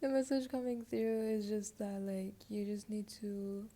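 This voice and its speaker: Mellow, chatty young woman reading tarot. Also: medium pitch, fairly even intonation, a little slow. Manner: chatty and rambling, lots of likes and you-knows, laughs at herself. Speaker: tarot reader. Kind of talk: casual tarot reading monologue.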